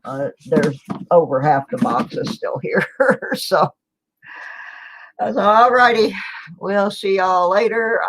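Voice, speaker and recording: A middle-aged woman chatting casually to viewers from home, rambling and laughing a little as she sorts coins. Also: on the low side. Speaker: coin roll hunting vlogger. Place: home, indoors.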